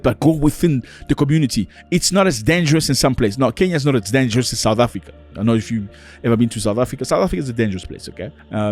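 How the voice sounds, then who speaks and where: A man's voice: mid-range voice, a little mellow. A man vlogging an opinionated monologue, emphatic and preachy, who often acts out the voices of people he quotes.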